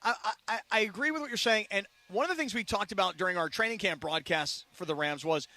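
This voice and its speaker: A man's voice: high voice, fast, no room sound, faint music behind. A man co-hosting a live sports radio show, breaking down football picks in an emphatic way. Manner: emphatic, animated analysis. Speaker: radio co-host, former player.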